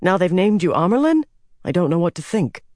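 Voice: medium pitch, sing-song, a little fast, darkish tone, dry recording, pitched above the performer's own voice, lightly acted. Narrator doing stubborn young prince, earnest, insistent, audiobook, dry sound.

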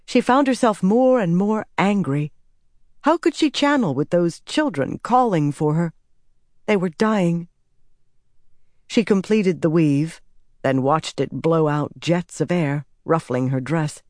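In a dry, clean studio recording, a woman narrates an audiobook from a script. She reads with measured expression at a fairly low pitch.

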